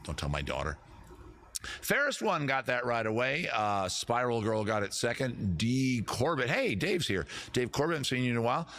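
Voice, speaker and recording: A man's voice: mid-range voice, very animated, moderate pace, fairly bright tone. A man hosting a casual livestream quiz, rambling with jokey, self-deprecating asides. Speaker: comedy show host running a quiz.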